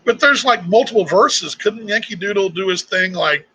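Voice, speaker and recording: A man's voice: high voice, expressive, normal speed, bright, forceful tone, breathy edge, dull audio. A middle-aged man from Texas with a Texan accent, hosting a casual live chat in a rambling, chatty way. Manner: rambling, chatty, restarts often. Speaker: host.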